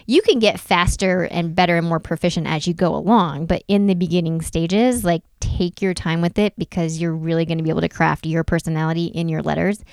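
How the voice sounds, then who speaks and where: A woman in her thirties talks casually as a co-host. Her voice sits a little low, and she chats in an animated, story-driven way full of "like". The sound is dry and close. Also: vocal fry, smooth, dry recording. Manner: chatty, animated storytelling with frequent "like". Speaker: podcast co-host. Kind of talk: casual chat.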